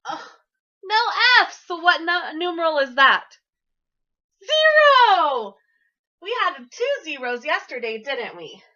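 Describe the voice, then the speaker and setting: A woman's voice: sits high, very animated, normal speed, bright, forceful tone. A woman teacher giving an early-grade classroom lesson in an encouraging, sing-song way, talking to young children, in a classroom on a dull lo-fi recording.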